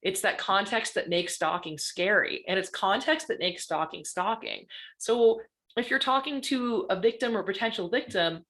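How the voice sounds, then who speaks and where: A woman's voice: mid-range voice, normal speed, a bit bright. A woman giving a conversational presentation as a guest panelist, often checking in with "right?". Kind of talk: presentation talk.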